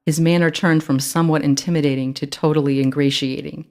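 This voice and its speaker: A woman who is the author, narrating her children's audiobook in an even, expressive read. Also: sits low, fairly quick. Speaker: author reading her book.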